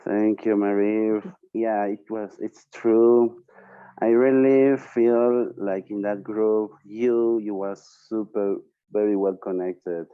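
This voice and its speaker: A man's voice: lowish voice, steady tone, takes it slowly, clear, resonant tone, dry recording. A man from Peru with a Peruvian Spanish accent, a guest speaking English as a second language in a friendly, enthusiastic way, often saying "you know". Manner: friendly and enthusiastic, with loose non-native phrasing and fillers like "you know". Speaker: interview guest, entrepreneur. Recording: dry, tinny call-like line.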